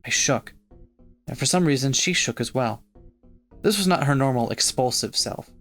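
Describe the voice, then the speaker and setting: A man reads narration from a visual novel for his let's play. His voice is mid-pitched and steady. He reads plainly, line by line. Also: moderate pace, faint music behind. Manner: steady first-person reading of game text.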